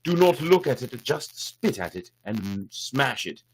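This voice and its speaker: A man's voice: medium pitch, sing-song, unhurried, slight background noise. A man voicing a bold young peasant hero in a storybook tale, proud and commanding.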